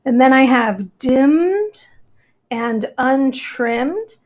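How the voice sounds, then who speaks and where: A woman's voice: sits high, lively intonation, drawn-out words. A woman teacher giving a recorded lesson, explaining step by step and counting out syllables.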